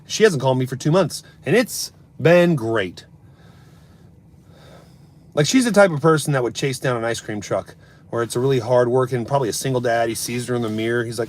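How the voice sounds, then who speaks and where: A man's voice: medium pitch, brisk. A man live streaming, ranting casually and mocking his chat in a brash, swearing way. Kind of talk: casual comedic rant.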